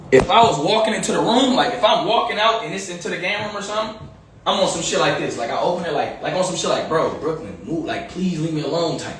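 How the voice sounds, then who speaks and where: A man's voice: fairly high pitch, fairly bright tone. A young man telling a long story in casual chat, rambling and repeating himself with emphasis. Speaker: storyteller in a played clip. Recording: echoey room, faint background noise.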